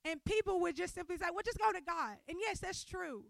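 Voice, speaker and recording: High-voiced woman preaching animatedly. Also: fairly quick, gravelly, dry recording. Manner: animated, conversational preaching with laughter. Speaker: speaker at a women's church event. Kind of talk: sermon.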